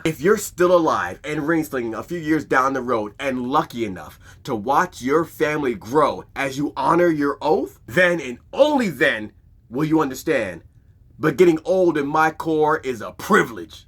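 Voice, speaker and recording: A man's voice: a little high, very animated, moderate pace, fairly bright tone, breathy edge, full character voice. A man voicing a tough veteran male drill instructor who barks blunt orders. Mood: stern.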